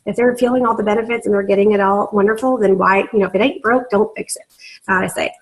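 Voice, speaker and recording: A woman's voice: mid-range voice, steady tone, quick pace, rough recording. A woman leading a casual sales training on a video call, chatty and full of fillers, laughing easily. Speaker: team leader giving sales training.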